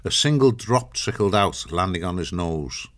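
A man narrating a fantasy audiobook in a measured, dramatic storytelling manner. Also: sits low, animated, a bit bright. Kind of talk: scripted narration.

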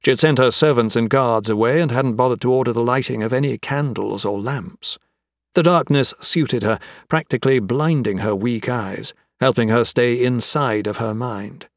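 A man reads a fantasy novel aloud in a measured, dramatic audiobook style. His voice sits at an ordinary middle pitch, and the recording is dry and close with no room sound. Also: no room sound. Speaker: narrator. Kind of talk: audiobook narration.

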